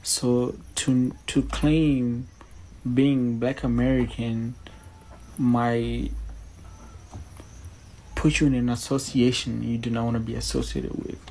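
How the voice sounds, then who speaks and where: A man giving a casual, rambling explanation in a flat tone. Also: medium pitch, slow pace, pauses often, slight background noise, low-quality recording.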